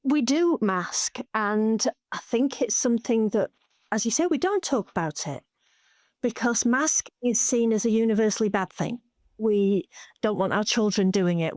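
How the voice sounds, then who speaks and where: A woman's voice: medium pitch, a little mellow, dry recording, studio quality. Earnest woman, podcast guest. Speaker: author and guest, a parent. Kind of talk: conversational podcast interview.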